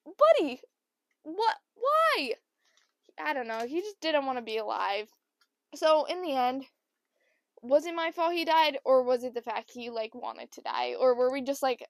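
A young woman telling comic stories about her pets, lively and swearing, acting out what people said. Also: a little high, no room sound, studio quality. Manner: animated, swearing, acts out quotes with big swings in loudness. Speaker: storyteller. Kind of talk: comedic storytelling monologue.

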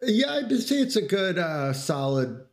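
A man's voice: high-pitched, big pitch swings, measured pace. A man casually reviewing a snack, talking hesitantly with lots of ums and self-deprecating laughs. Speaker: co-host food reviewer. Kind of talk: casual food review chat.

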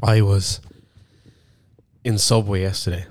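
A young man with a Cork Irish accent chats on a podcast in a lowish voice. He tells his stories with lively acted-out voices. The sound is dry and close to the mic. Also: slow, no room sound. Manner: animated storyteller who acts out other people's lines. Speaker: podcast co-host. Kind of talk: casual chat.

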